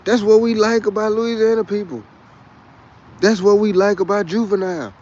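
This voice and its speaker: A man's voice: high voice, steady tone, moderate pace, darkish tone. Swaggering Texan man, muffled lo-fi sound. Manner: boisterous, swaggering and profane. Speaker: livestream host. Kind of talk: rambling casual livestream chat.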